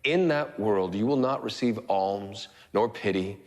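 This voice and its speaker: An actor playing a defiant male rebel leader giving a solemn, measured speech to a nation in a dramatic film. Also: on the low side, lightly acted.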